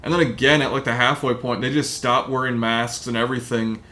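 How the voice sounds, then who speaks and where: A man's voice: mid-range voice, fairly even intonation, fairly quick, sharp tone. A man hosting a podcast in casual chat, rambling through a movie recap with lots of fillers. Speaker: podcast host.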